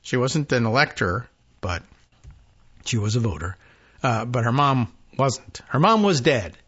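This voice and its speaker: A man's voice: fairly high pitch, pushed and bright. A man hosting a political podcast, reading news aloud with dry, wry asides and trailing "I don't know"s. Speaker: podcast host. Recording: slightly dull lo-fi audio.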